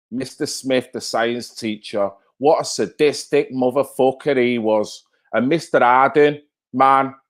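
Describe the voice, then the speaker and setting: A man from North Manchester with a Mancunian accent, hosting a live stream and bantering with viewers in chat, swearing freely. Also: medium pitch. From North Manchester, England. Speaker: livestream host.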